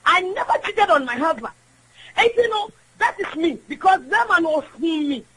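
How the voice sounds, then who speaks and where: Impassioned high-voiced woman caller. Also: animated, normal speed, sharp tone, low-quality recording. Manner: impassioned, emphatic, mixes English into her speech. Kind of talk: radio call-in opinion.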